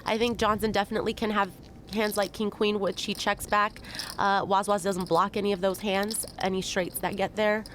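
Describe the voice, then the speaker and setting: A woman giving analytical poker commentary in a measured, thoughtful way. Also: medium pitch, flat delivery, slight background noise.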